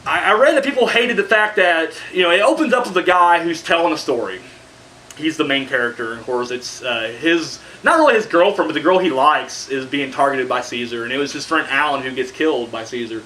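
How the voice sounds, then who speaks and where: A man's voice: fairly high pitch, a little fast, pushed and bright, a little hiss or hum. A man reviewing horror films in a rambling, profane way, full of fillers and sarcastic asides. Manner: profane, rambling, heavy on "you know" fillers. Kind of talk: casual rambling film review.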